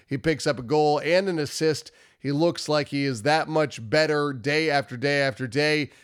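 A hockey commentary host gives emphatic, repetitive post-game analysis, his voice nasal from a cold. The man's pitch is on the high side with a clean tone and moderate pace, and he stumbles over words.

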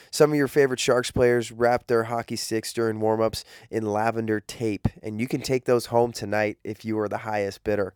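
A man hosting a pregame show with energetic, playful hype, his voice nasal and congested from the flu. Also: mid-range voice, clean tone, dry recording, clean studio sound. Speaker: arena gameday show host. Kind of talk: upbeat promotional hosting.

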